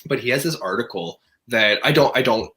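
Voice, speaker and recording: Guest: young man, bright forceful tone, earnest, punchy delivery, mid pitch. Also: expressive. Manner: earnest, emphatic, talks in quick bursts with restarts. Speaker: interview guest. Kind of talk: casual conversation.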